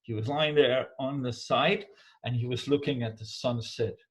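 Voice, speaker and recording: Telling a folk tale aloud in English, a mid-range-voiced Danish storyteller stumbles and repeats words. He frequently turns to his listener to check in, in the manner of oral folk storytelling.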